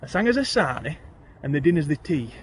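A man with a broad Yorkshire accent recites rhyming verse in a lilting, sing-song rhythm, his voice sitting a bit high for a man. A faint hiss of ambient noise runs under the recording. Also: big pitch swings, brisk. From Yorkshire, England. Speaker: guest poet. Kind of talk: reciting rhyming dialect poems.

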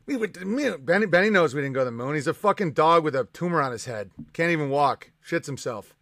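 A man's voice: on the high side, animated, fast talker, fairly bright tone, no room sound, clean studio sound. A man hosting a live stream, reading out chat messages and ranting in a profane, sarcastic and combative way.

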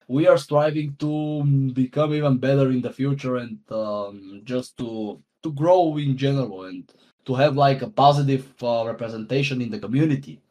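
A man speaking as a guest in a casual podcast chat, halting and full of fillers. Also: mid-range voice, a little mellow.

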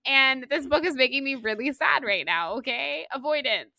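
Bright-voiced chatty woman podcaster. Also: sits high, vocal fry, no room sound. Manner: chatty, animated, quick asides. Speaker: podcast co-host. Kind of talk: casual book-club chat.

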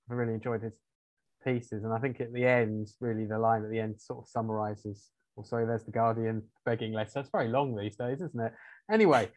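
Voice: mid-range voice, no room sound. A podcast host in casual conversation, hesitant and searching for words.

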